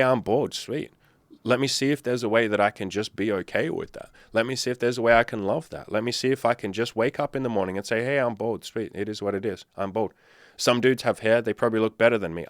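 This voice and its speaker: Aussie-sounding guy, lowish voice, blunt and sweary, dry close sound. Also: dry recording. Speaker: dating coach. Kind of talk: casual commentary to camera.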